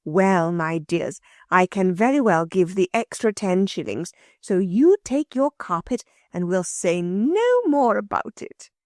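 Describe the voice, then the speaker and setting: A woman voicing a sour, bad-tempered woman who turns gushingly kind, with shrill scolding and sweet cooing. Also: sing-song, moderate pace, no room sound, clean studio sound.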